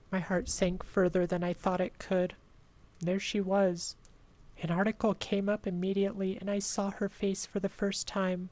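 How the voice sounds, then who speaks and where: A woman's voice: mid-range voice, flat delivery, a little mellow. A woman streamer reading a creepy first-person horror story aloud, dramatic and at times whispering. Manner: slow, dramatic, dropping to whispers.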